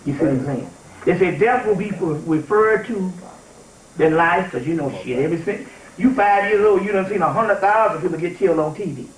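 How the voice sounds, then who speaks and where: A man giving an informal spiritual lecture to a live audience, animated and emphatic, often checking in with his listeners. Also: high-pitched, brisk, slight background noise. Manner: animated and emphatic, often asks "you see what I'm saying?". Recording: echoey room, taped from far off.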